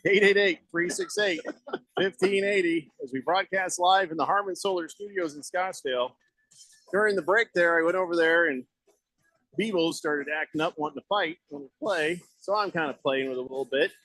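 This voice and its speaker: A man hosting a radio talk show, out of breath, telling a story in a lively way and laughing often, in a studio. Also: a little high, moderate pace, no room sound. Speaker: radio sports talk host. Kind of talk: casual radio chat. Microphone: studio microphone.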